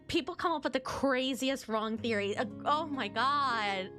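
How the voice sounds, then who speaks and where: A woman's voice: on the high side, a little slow, hardly any pauses, music in the background. A young woman streamer reading game dialogue aloud and reacting emotionally, ranting and exclaiming.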